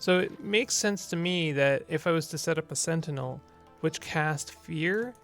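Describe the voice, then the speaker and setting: A man's voice: on the high side, normal speed, fairly bright tone. A man giving casual gameplay commentary, playful and rambling with joking asides. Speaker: let's play host. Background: faint game music.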